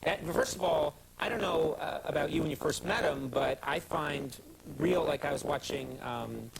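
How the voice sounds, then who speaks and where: A man in his fifties hosting a late-night talk show, joking at his own expense in halting, comic banter. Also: on the high side, sing-song, creaky, background noise. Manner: self-deprecating, jokey, halting.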